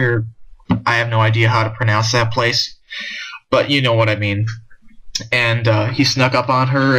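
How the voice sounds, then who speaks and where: Bright-voiced young man rambling about comics. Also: mid-range voice, poor audio. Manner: rambling, frequent restarts and fillers. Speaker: manga discussion vlogger. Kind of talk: casual spoken review.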